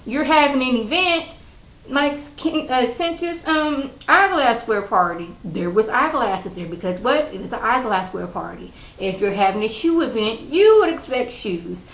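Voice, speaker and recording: A woman chatting casually as she recaps a reality show, gossipy and animated, acting out what people said. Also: echoey room, rough recording. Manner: chatty, gossipy, acts out quotes with big pitch jumps.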